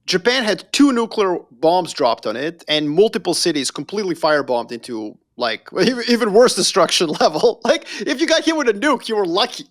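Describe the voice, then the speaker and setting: A man from Yugoslavia, guesting on a podcast, tells stories in a high-pitched voice, a little fast and with few pauses. He's animated and emphatic in this casual conversation, sometimes addressing the listener directly.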